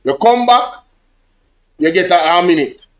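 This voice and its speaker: Jamaican male streamer, fairly high-pitched, lively chat to viewers, drops into patois. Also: measured pace. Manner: animated, slips between English and patois, addresses chat directly. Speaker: livestream host. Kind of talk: casual livestream commentary.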